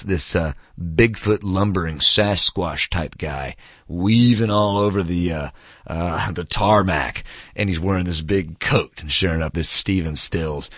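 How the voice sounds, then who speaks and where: A man's voice: low-pitched, pushed and bright, dry recording, studio quality. A man casually recommending a book, telling a long rambling anecdote in a laid-back way, full of fillers and calling the listener "man". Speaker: book reviewer.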